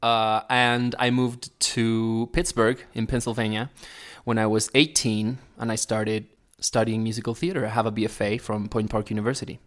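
A man's voice: on the low side, flat delivery, normal speed, hardly any pauses, fairly bright tone. A young man from Argentina with an Argentine accent, a native Spanish speaker, chatting easily as a podcast guest. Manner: friendly, easygoing, with fillers and laughs. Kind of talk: casual interview chat.

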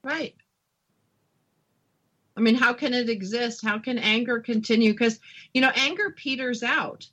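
Brief: woman radio host, fairly high and bright voice, agreeable, affirming. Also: measured pace, pauses often, husky, dull audio. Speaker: radio talk show host. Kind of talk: radio interview conversation.

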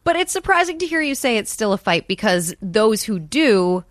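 A woman's voice: a little high, very animated, moderate pace, dry recording, studio quality. A woman interviewing a guest on a podcast, asking questions and giving brief, encouraging replies.

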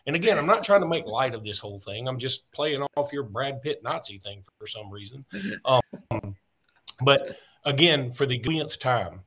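A man's voice: mid-range voice, lively intonation, moderate pace, fairly bright tone, breathy edge. A man, co-hosting a sports podcast in loose, joking, rambling casual chat.

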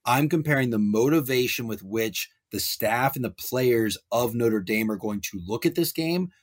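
Animated ranting man talking college football. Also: mid-range voice. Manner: animated, hyperbolic, rapid rants. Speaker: sports podcast co-host. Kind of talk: casual sports betting chat.

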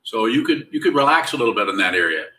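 A man leading a spiritual question-and-answer session, talking in a relaxed, conversational way with a wry, teasing edge. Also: mid-range voice, fast, recorded from a distance, rough recording. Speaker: meditation teacher. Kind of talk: spiritual Q&A teaching.

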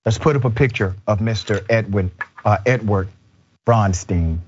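A man hosting a political commentary show with an emphatic, measured delivery. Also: on the low side, a little hiss or hum. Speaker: show host. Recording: dull, lo-fi sound.

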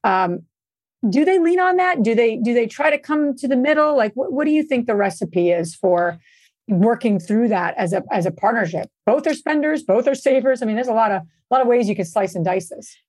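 A woman's voice: a little high, lively intonation, brisk, darkish tone, dry recording. A woman hosting a podcast interview, chatty and rambling, with many fillers and restarts. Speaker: podcast host.

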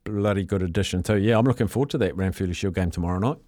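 A man's voice: low-pitched, warm tone, dry recording. Kiwi guy hosting sports radio, reads out texts, chatty, dry close mic sound. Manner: chatty, reads messages aloud with quick asides and laughs. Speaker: radio sports show host. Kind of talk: reading listener texts and taking calls.

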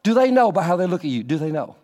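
A man preaching a sermon as pastor, animated, acting out little scenes in a raised voice. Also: high-pitched, fast talker, long reverb tail.

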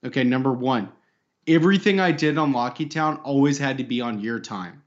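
A man's voice: mid-range voice, a little fast, lo-fi sound. A man co-hosting a podcast in casual banter, joking, laughing often and swearing. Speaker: podcast co-host.

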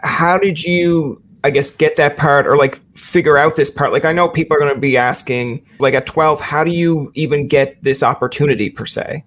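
A man's voice: on the high side, steady tone, normal speed, few pauses, a bit bright, slight background noise. A male interviewer asking loose, rambling questions with many fillers. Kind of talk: casual interview chat.

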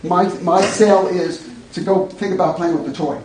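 A man's voice: high-pitched, steady tone, normal speed, darkish tone. A man teaching a live workshop, blunt and joking in a conversational way to an audience. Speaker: educator. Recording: echoey room.

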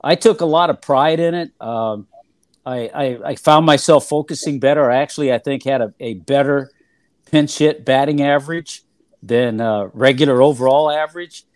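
An older man, a former ballplayer turned TV analyst, telling stories in a relaxed interview with many fillers and restarts. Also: medium pitch, moderate pace, dry recording, clean studio sound. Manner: rambling, filler-heavy recollection with frequent restarts. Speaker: former player and TV analyst, guest.

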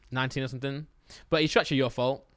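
A man's voice: medium pitch, fairly even intonation, fairly quick, no echo, clean studio sound. A young man in casual chat as a podcast co-host, rambling and hesitant, often repeating his words. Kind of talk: casual chat among friends.

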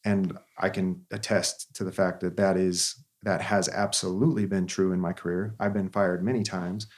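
A man's voice: sits low, level tone, normal speed, darkish tone. A therapist, a man in his thirties, telling a story in an earnest, conversational way with frequent restarts.

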